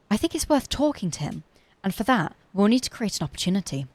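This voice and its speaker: A woman's voice: mid-range voice, a little mellow, dry recording. A woman reading aloud as a spirited young woman adventurer with a bold, scheming streak.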